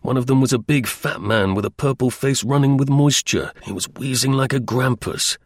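A male narrator reads a first-person story at a measured pace, with a wry, even delivery. His voice sits in a middle register. The recording is dry and close, with no room sound. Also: medium pitch, no echo. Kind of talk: audiobook narration.

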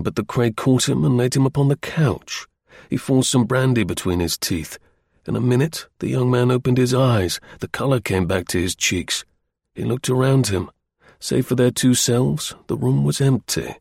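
A man narrating an audiobook in a measured storytelling manner. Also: medium pitch, creaky, a little mellow, husky, no room sound, studio quality.

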